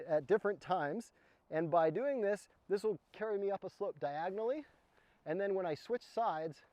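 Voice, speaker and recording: A man with a fairly high voice walks through climbing techniques one step at a time while demonstrating them. The sound is dry and close, with no room echo. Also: dark tone. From United States. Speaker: mountaineering instructor. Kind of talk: outdoor skills demonstration. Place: snow slope outdoors.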